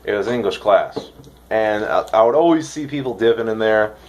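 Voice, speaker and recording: Rambling, excitable young man vlogging. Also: on the low side, normal speed. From United States. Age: young adult. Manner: rambling, excitable, swears casually. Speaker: vlogger reviewing dip. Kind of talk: casual vlog.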